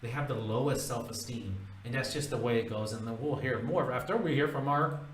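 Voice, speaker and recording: A man's voice: mid-range voice, fairly quick, reverberant, distant mic, poor audio. A man giving blunt, emphatic, profane dating advice in a casual monologue, repeating his points. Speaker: dating-tips vlogger.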